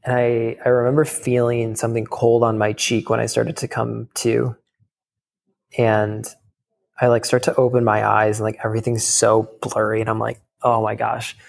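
Guy rambling through a story, lots of "like", swears here and there, mid-pitched voice. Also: monotone, normal speed, vocal fry. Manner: rambling, heavy use of "like"; swears casually. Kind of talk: casual storytelling.

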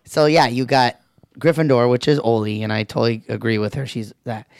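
Gravelly laid-back man chatting. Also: mid-range voice, flat delivery, fairly quick, a little mellow, no echo, clean studio sound. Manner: laid-back, swears, laughs often, acts out quotes. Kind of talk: casual chat.

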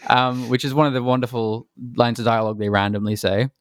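A man's voice: mid-range voice, steady tone, brisk, clear, resonant tone, no echo, studio quality. A man chatting casually about a video game, telling a rambling story and acting out quotes.

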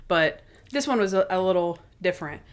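A woman's voice: expressive, a little fast. A young woman co-hosting a casual podcast, chatting loosely with lots of fillers. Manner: chatty, lots of "like", acts out scenes in high voices. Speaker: podcast co-host. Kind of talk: casual chat.

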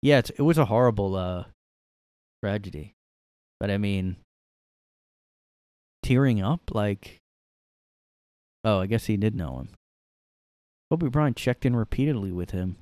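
A man's voice: fairly low pitch, lively intonation, measured pace, long pauses, a little mellow, dry recording. A man hosting a casual solo podcast from his room, ranting sarcastically and rambling through his opinions. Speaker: podcast host.

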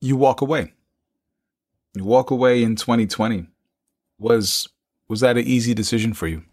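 A man's voice: medium pitch, moderate pace, a little mellow. A man hosting an interview, asking follow-up questions, recapping the guest's points and joking with him. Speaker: interview host. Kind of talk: conversational interview.

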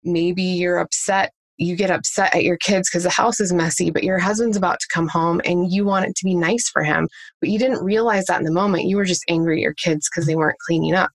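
A woman's voice: lowish voice, steady tone, brisk, no echo. A woman working as a parenting coach, giving practical tips in an interview and walking through examples step by step. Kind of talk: conversational interview answers.

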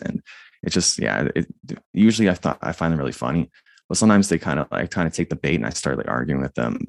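A man with a monotone voice, chatting casually about his jiu-jitsu videos and the comments he gets, with many fillers and restarts. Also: very deep voice, creaky, no room sound. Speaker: jiu-jitsu YouTuber and guest. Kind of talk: casual conversation.

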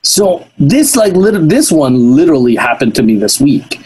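Lively, husky man bantering and laughing. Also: fairly high pitch, moderate pace, low-quality recording. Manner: joking, laughs a lot, restarts sentences. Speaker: podcast co-host. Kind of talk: casual banter.

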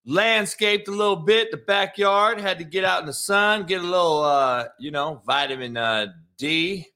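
Brief: male podcast host, fired-up and profane, bright edgy tone, pitched a bit high. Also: moderate pace. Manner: hyped, profane, slangy. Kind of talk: casual solo podcast chat.

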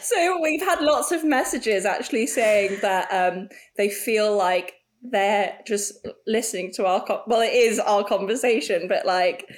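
A woman's voice: medium pitch, measured pace, few pauses. A young woman co-hosting a podcast, chatting casually and laughing often. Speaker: podcast co-host. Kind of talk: casual chat.

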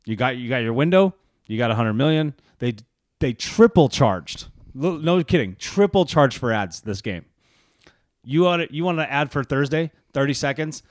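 A man co-hosting a laid-back podcast, teasing his buddy and laughing a lot. His pitch swings widely as he tells stories. The mic is close and dry, with no room sound. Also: animated, moderate pace, no echo. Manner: joking, laughs often, teasing. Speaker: podcast co-host. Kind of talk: casual chat.

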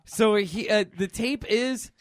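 A man's voice: high-pitched, takes it slowly. A man co-hosting a casual comedy podcast, recapping a film with jokes, swearing and frequent fillers. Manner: joking, profane, trails off with fillers.

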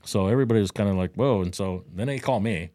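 A deep, mellow-voiced man spins a casual story on a podcast, jumping up in pitch whenever he acts out someone else's words. The recording is dry and close, with no room around him. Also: quick pace, no echo. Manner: animated, acts out quotes with a higher voice. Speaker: podcast co-host. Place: Daytona Beach, Florida.

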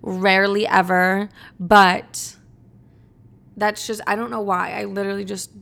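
A woman's voice: medium pitch, little pitch movement, unhurried, vocal fry, a bit bright. A woman in her twenties hosting a casual solo podcast, chatty and playful, swearing freely and saying "like" constantly. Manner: chatty, profane, playful, says "like" a lot. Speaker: podcast host.

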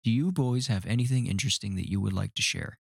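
Young male podcast host with a lowish voice, playful and self-mocking, trips over his words. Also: quick pace, creaky, husky, no room sound, clean studio sound. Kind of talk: casual podcast chat.

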